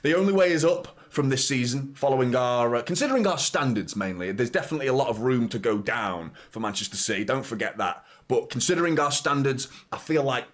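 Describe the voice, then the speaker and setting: A man's voice: medium pitch, animated, brisk, hardly any pauses. A young man hosting a football watchalong live stream, chatting casually, reading out viewer comments and often stumbling over his words. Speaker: football channel host.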